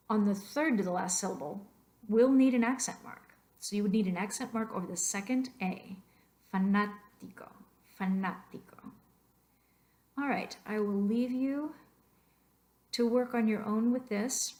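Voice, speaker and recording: A woman's voice: on the high side, a little mellow. Patient woman teaching over narrated slides. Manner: patient, explains slowly, models pronunciations aloud. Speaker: Spanish teacher.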